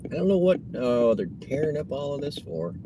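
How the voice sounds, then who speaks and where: A man's voice: a little high, animated, fairly quick. A man delivering on a bike, casually chatting to his live-stream viewers and joking with people he passes. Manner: chatty, jokey asides, talks to passersby. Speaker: delivery rider vlogger. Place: outdoors on city streets, riding a cargo bike. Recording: clear outdoor street noise from vehicles. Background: traffic and street noise.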